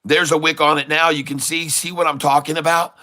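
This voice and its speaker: A middle-aged man hosting a live day-trading stream, giving excited running commentary and calling out to his viewers as "folks.". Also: on the high side, fairly quick, no echo, clean studio sound.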